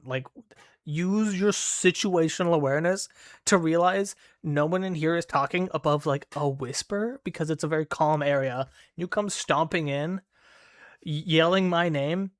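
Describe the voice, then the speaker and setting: Young guy streamer rambling thru a story, swears a lot, kinda high voice, dry close sound. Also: a little slow, no room sound. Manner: rambling, profane, lots of 'like' fillers. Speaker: game streamer. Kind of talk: casual storytelling while gaming.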